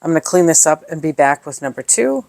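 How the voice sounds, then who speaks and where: A woman's voice: low-pitched, lively intonation, quick pace, vocal fry, a little mellow, no room sound. A woman chatting through an unboxing of scrapbooking supplies, gushing over each piece and thinking aloud with fillers. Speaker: scrapbooking product reviewer. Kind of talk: casual unboxing show-and-tell.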